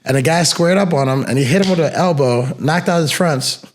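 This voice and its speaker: A man's voice: a little high, brisk. A young man co-hosting a podcast, telling laid-back, slangy stories from his security work. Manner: laid-back, slangy storytelling with bursts of laughter. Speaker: podcast co-host, former bouncer. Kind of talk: casual storytelling chat.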